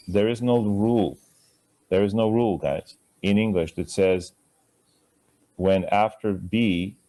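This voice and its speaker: A man's voice: on the low side, mellow. A man teaching a live Sanskrit class, chatty and asking students to repeat sounds after him.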